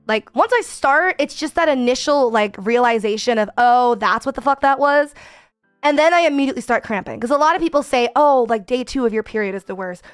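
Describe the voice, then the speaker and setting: A young woman streamer talking candidly in a casual, expressive chat with her viewers. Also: high-pitched.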